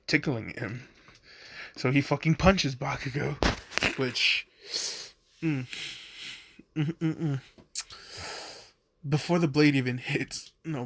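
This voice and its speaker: A man tells a fan story slowly and loosely, full of fillers and swearing. His medium voice sits dry and close to the mic. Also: medium pitch, a bit bright, no echo. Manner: rambling, lots of fillers and swearing. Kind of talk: casual storytelling.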